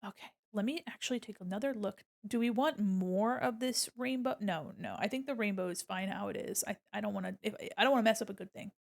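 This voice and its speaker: A woman art streamer chats playfully with her viewers, humming and singing along to music as she works. She talks fast with few pauses, in a gravelly mid-range voice.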